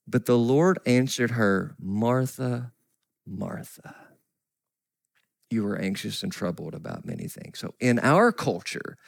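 A middle-aged man preaching a sermon as a pastor, earnest, often sinking to a soft whisper. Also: medium pitch, dry recording, clean studio sound. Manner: earnest, drops to soft whispers for quoted grief.

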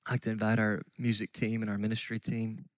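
A middle-aged man preaching a sermon, telling a story earnestly and dropping at times to soft near-whispers. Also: lowish voice, level tone, quick pace, dry recording. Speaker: pastor.

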